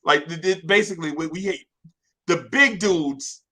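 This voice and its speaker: A man telling a childhood story in casual chat, animated and slangy, often laughing. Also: on the high side, normal speed. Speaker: podcast storyteller.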